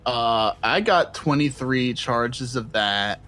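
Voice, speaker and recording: A man chatting in character during a role-play stream. He keeps a dry, deadpan delivery, and faint music plays behind him. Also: medium pitch, slow pace. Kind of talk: casual role-play chat.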